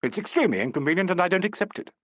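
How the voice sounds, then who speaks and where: A man's voice: high voice, sing-song, racing, a bit bright, dry recording, voice pushed up, full character voice. A man reading the part of a commanding, autocratic theatre actor-manager in a brusque tone.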